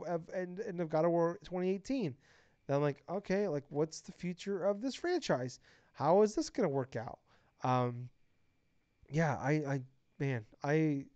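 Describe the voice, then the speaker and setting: A young man co-hosting a casual podcast, gushing and excitable, swearing freely. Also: a little high, no room sound. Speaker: podcast co-host. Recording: dry, dull lo-fi podcast mic.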